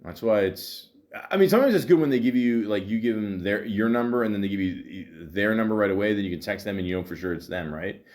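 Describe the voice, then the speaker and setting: A man's voice: lowish voice, fast, darkish tone. A man hosting a solo podcast in a casual, rambling, profane way, chuckling often. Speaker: podcast host.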